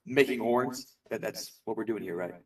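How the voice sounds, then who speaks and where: A man's voice: on the low side, normal speed, recorded from a distance. A man playing in a tabletop game, hesitant and stammering as he asks and explains. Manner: hesitant, soft-spoken, stammering. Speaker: player. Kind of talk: in-character tabletop play.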